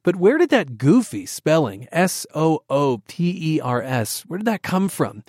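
A man hosting a radio interview, asking calm, curious questions and introducing segments. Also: a little high, a little slow, no echo, clean studio sound. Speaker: radio host.

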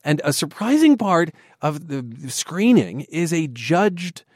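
Lively male radio interviewer, dry sound. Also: on the high side, takes it slowly, no room sound. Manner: friendly, lively questioning. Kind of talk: broadcast interview.

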